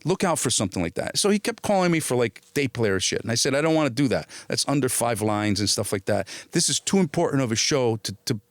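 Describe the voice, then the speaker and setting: Middle-aged actor telling stories animatedly. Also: male voice, medium pitch, fast, hardly any pauses, no echo. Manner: animated storyteller who acts out quoted dialogue, casual swearing, frequent restarts. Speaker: actor, interview guest. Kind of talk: storytelling in a casual interview.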